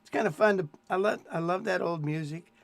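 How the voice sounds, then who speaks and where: A man's voice: sits high, brisk, vocal fry, dry recording. An older man hosting a live stream, chatting casually and telling rambling stories with plenty of fillers. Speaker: host of a jazz guitar live stream.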